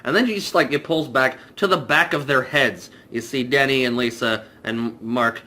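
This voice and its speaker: A young man casually reviewing a movie, animated and jokey, putting on voices for the characters. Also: medium pitch, normal speed.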